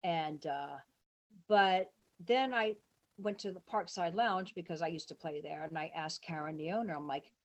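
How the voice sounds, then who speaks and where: A woman talking in a casual interview, her voice husky and a little low. She rambles through stories, jumping up in pitch when she acts out what other people said. The whole thing sounds like loose, excited storytelling. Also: moderate pace. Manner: rambling, animated, quotes people in lively voices. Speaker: interview guest, musician.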